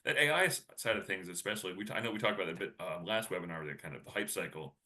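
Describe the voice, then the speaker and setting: A man's voice: deep voice, racing, pushed and bright. A man co-presenting a webinar, talking casually and rambling with lots of fillers and restarts.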